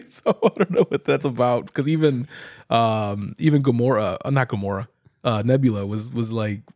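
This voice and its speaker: A man's voice: medium pitch, normal speed, dry recording, clean studio sound. Laughing, chatty podcast guy. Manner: laughs often, acts out quotes in animated voices. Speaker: podcast co-host. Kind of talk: casual chat recapping a show.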